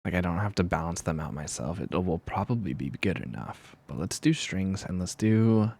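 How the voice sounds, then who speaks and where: A man with a very low, deep voice talks quietly through his work in soft-spoken ASMR style. He pauses often and thinks aloud in a hushed, unhurried way. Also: lively intonation, gravelly, husky. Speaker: streamer.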